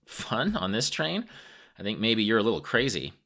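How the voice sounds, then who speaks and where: A man's voice: fairly low pitch, wildly swooping pitch, moderate pace, creaky, fairly bright tone, heavily acted. A man voicing a confident, dismissive young Russian businessman who talks in a cocky, teasing way.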